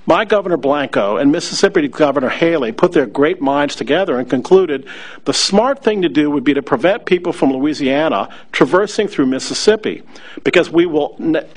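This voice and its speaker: A middle-aged man from New Orleans, a law school faculty member, telling wry personal stories to an audience with frequent hesitations. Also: a little high. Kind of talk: personal storytelling talk to an audience.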